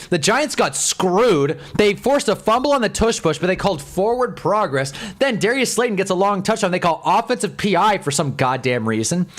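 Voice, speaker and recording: Young male streamer, casual rant, swings loud to mumbled, swears a lot, very expressive pitch. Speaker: sports streamer. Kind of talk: casual livestream chat reading fan comments.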